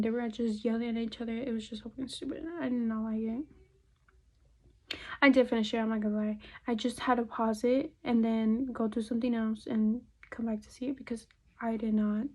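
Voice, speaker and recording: A woman's voice: a little high, level tone, a little fast, warm tone, low-quality recording. A young woman vlogging casually while doing her makeup, chatty and profane, rambling between topics and sometimes dropping to a murmur. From California. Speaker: beauty vlogger.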